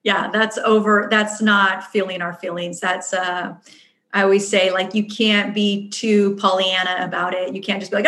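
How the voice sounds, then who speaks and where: A woman leading a wellness workshop and answering questions in a chatty, earnest way. She acts out her inner voice as she speaks. Her voice sits at a middle pitch and rings in a roomy space. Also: steady tone, moderate pace, fairly bright tone. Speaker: workshop facilitator. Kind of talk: answering audience questions at a live event. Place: event room.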